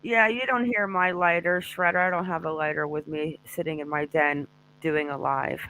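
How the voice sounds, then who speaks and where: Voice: mid-range voice, steady tone, moderate pace, bright, forceful tone, slight background noise. A live-stream host chatting casually and jokingly with viewers from a home den. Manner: joking, chatty, addresses chat directly.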